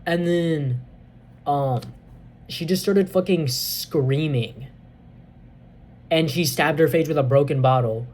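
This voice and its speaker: Excitable man retelling a movie plot. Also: fairly high pitch, slow, long pauses. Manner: excitable, rambling with many fillers. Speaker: movie reviewer.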